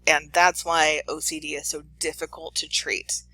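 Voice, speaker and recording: A professor giving a lecture, telling a case story with lively acted-out quotes. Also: mid-range voice, moderate pace, rough recording. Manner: animated storytelling, acting out the people in the story.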